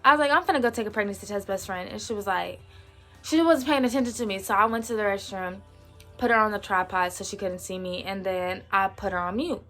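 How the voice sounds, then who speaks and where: A woman's voice: medium pitch, brisk, fairly bright tone, faint music behind. A woman in her twenties telling a personal story in a casual, slangy way, acting out what people said. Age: 20s. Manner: chatty, slangy, acts out quotes. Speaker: vlogger.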